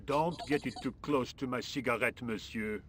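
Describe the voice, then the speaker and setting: A man's voice: medium pitch, moderate pace, fairly bright tone, a little hiss or hum, close to an everyday voice. A man playing an idle, bored French workman. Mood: indifferent. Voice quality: drawling, sardonic. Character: lazy French workman, chain-smoking and indifferent.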